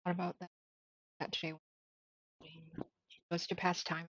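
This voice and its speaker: A woman chiming in on a casual cooking stream with quiet, teasing side remarks, heard on dull lo-fi stream audio away from the mic. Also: fairly low pitch, little pitch movement, a little slow, dry recording. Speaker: co-host on stream. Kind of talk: casual chat.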